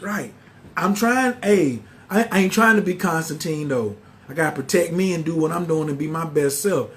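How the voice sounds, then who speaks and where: A man, telling a story in a casual, animated way and acting out the quoted voices. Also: on the high side. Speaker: spiritual teacher.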